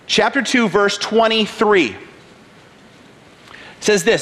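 A male pastor with a notably high voice delivers a sermon. His style is conversational. He keeps asking his listeners rhetorical questions. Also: lively intonation, takes it slowly, pauses often, fairly bright tone.

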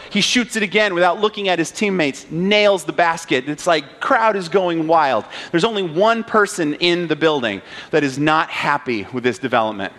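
A man with a somewhat high voice preaches from the pulpit. He turns a film scene into a lively story, acting out each moment. Now and then he throws a question out to the congregation. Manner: animated retelling, acting out scenes; rhetorical questions to the audience. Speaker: pastor. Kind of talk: sermon with storytelling.

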